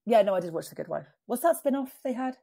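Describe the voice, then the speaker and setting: A woman's voice: fairly high pitch, animated, quick pace, gravelly, mellow. A woman co-hosting a podcast, bluntly chatting, swearing freely and laughing often. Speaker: podcast co-host. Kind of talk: casual chat.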